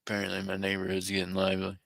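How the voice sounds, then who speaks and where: A man's voice: low voice, monotone, racing, gravelly, a bit bright, no echo. A middle-aged man hosting a live online auction in a folksy, chatty way, chuckling often. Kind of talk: live-stream auction chat.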